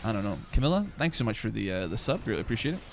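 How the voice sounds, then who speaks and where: A man's voice: on the low side, sing-song, very fast. Young Glasgow-accented man rambling on stream. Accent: Glasgow Scottish, softened. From Glasgow, Scotland. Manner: rambling, profane, full of "like" and "man". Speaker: game streamer. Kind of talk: casual live-stream chat while gaming.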